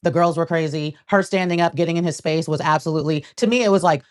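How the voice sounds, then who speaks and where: Fast-talking low-voiced woman. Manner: rapid, opinionated, slangy asides. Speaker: podcast co-host. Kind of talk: casual reality TV recap chat.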